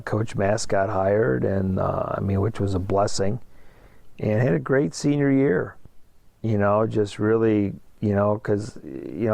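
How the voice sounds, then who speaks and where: A man's voice: lowish voice, creaky, dark tone, dry recording. A middle-aged man from Ohio, a basketball coach, telling his story in a casual interview with many fillers and restarts. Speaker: high school basketball coach, guest.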